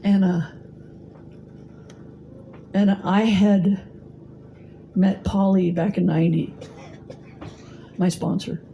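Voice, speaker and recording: A woman's voice: medium pitch, steady tone, slow pace, creaky, pauses often, warm tone, slight background noise, low-quality recording. A middle-aged woman telling her own recovery story at a meeting, blunt and salty, with plenty of fillers. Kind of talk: personal testimony talk. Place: meeting hall.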